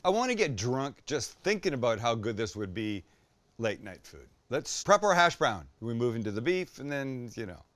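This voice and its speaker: A man's voice: mid-range voice, big pitch swings, normal speed, a bit bright. Jokey male cooking host. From Canada. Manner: jokey, chatty, self-deprecating. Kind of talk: casual cooking demo. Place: home kitchen.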